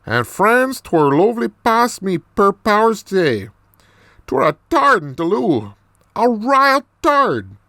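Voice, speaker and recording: A man reading a novel aloud, putting on a rough Irish accent for a boastful recovering drinker who talks in thick dialect. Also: high voice, sing-song, takes it slowly, bright, forceful tone, no echo, clean studio sound, voice pushed up, full character voice. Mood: awed. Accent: attempted Irish. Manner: thick dialect, storytelling brag. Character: gruff older male recovering drinker, boastful.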